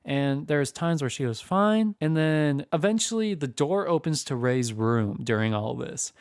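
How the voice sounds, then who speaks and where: A man's voice: a little high, animated, a little slow, clean tone, dry recording, clean studio sound. Chatty young man telling a story. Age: young adult. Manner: chatty, re-enacts what people said. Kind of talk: casual storytime narration.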